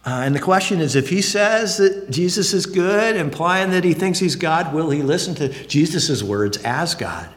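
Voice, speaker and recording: A male pastor preaches in an earnest, conversational manner, with a slightly higher voice. His pitch rises and falls widely from emphatic peaks to quiet lows. A long hall reverb trails his words. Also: lively intonation, normal speed, few pauses. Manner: earnest, conversational, swings between high emphatic and low quiet phrases. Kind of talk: sermon.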